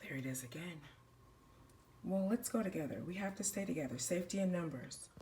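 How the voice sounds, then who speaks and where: A woman voicing a playful mini movie about girls at a camp, switching between excited girls and a low teasing brother. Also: brisk, far from the mic, noisy background. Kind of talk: playful doll-play mini movie, several voices.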